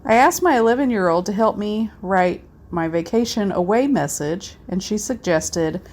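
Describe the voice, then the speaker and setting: Thirtysomething mom cohost, dry jokes, voice swings up and down a lot. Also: female voice, medium pitch, lively intonation, moderate pace, a little mellow. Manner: wry, laughs at her own jokes. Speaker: podcast co-host. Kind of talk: casual chat.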